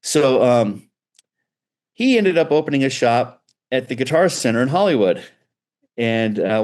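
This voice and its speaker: A middle-aged man, a guitar builder, chatting as a guest in an interview and telling animated, loose stories with frequent restarts. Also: lowish voice. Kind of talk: casual storytelling interview.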